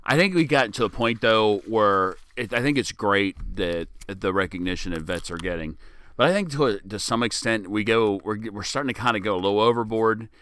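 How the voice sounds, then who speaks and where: A middle-aged man co-hosting a casual talk show, with a low, ringing, smooth voice. He is animated and sarcastic and now and then drops into mock voices. The mic is close and dry. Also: fairly quick, no room sound. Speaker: podcast co-host. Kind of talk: casual chat.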